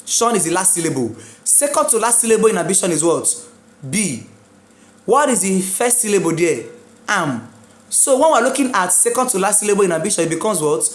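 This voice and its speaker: A woman teaching an exam prep lesson, drilling words slowly, spelling them out letter by letter and checking in with her students. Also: mid-range voice, sing-song. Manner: checks in with listeners often. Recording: echoey room.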